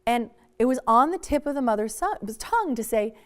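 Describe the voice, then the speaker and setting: Animated woman giving a parenting talk. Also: a little high, brisk, few pauses. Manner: animated and emphatic, acts out quotes. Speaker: parenting workshop speaker. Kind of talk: public talk.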